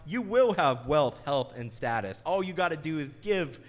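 A man parodying a male prosperity preacher on TV, loud, salesy and insistent in his pitch for money. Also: lively intonation, normal speed, long reverb tail, close to an everyday voice. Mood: pushy.

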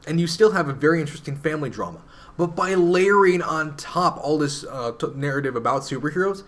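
A man's voice: a little high, lively intonation, fairly quick, fairly bright tone. A man co-hosts a casual podcast in a slightly raised voice. He reasons through his points analytically, stopping often on fillers. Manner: thoughtful, analytical, many fillers. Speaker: podcast co-host. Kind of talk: casual chat.

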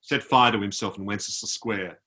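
This Australian author guest has a lowish voice with a steady tone, pushed and bright, and speaks a little fast. On a video call, he recounts an anecdote conversationally, mimicking the people he encountered.

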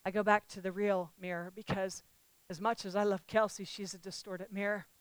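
A woman preaching a sermon to a live audience. She speaks emphatically, calls out to the listeners and rises to loud declarations. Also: mid-range voice, level tone, moderate pace, clean tone, no echo.

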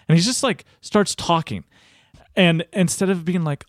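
Animated man telling a coaching story. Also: fairly high pitch, normal speed, no echo, clean studio sound. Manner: animated, swears freely, acts out quoted dialogue. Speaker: guest coach. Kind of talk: casual storytelling interview.

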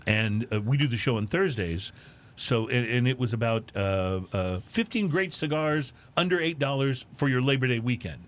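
A man co-hosts a casual drinks podcast, chatting in a relaxed, rambling manner with plenty of fillers. His voice is medium-pitched at a moderate pace.

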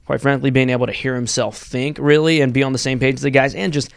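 A young man co-hosting a student sports podcast, giving steady, thought-through football analysis in long run-on points. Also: mid-range voice, fast, vocal fry, clear, resonant tone, no room sound, studio quality.

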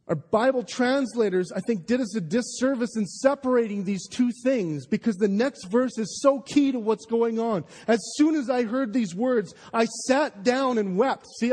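A man's voice: high voice, expressive, moderate pace, darkish tone. A male pastor preaching an impassioned sermon to his congregation, emphatic and stammering through restarts. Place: large church hall. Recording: live sermon in a reverberant hall.

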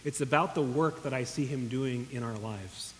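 A man's voice: mid-range voice, normal speed, slight background noise. A pastor preaching a sermon in earnest, emotional tones, speaking directly to his congregation. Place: church hall. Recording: long echo of a large hall.

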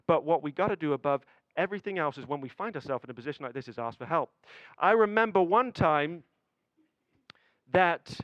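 High-voiced man telling a sermon story. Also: fairly bright tone, smooth, no echo, highs cut off. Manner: storytelling, builds suspense, acts out dialogue.

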